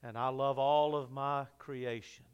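A man voicing God in a joke, speaking slowly in a low, measured way. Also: steady tone, clean tone, muffled recording, natural voice. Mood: solemn. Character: solemn voice of God, male, all-powerful.

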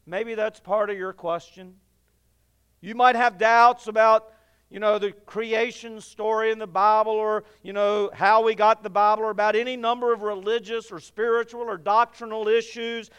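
High, smooth-voiced preaching man. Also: little pitch movement. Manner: earnest, conversational preaching with dramatic pauses and drops to a hush. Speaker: pastor. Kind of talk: sermon.

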